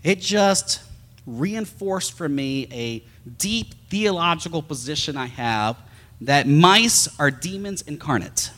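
Male pastor, animated storyteller, fairly high voice, recorded in an echoey hall. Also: normal speed. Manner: animated storyteller acting out sounds. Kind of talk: storytelling sermon.

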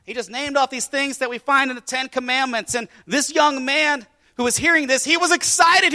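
A man preaching a sermon as a pastor, telling stories in a lively way that swings between loud and quiet. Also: very high voice, moderate pace, few pauses.

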